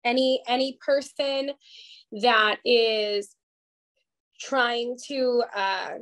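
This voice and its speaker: A woman with a fairly high voice tells her story on a podcast in a frank, emphatic way and does not shy from swearing. She sounds emotional, close to tears at moments, and keeps the tone of a candid interview. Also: fairly even intonation, extremely slow, a bit bright. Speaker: guest life coach.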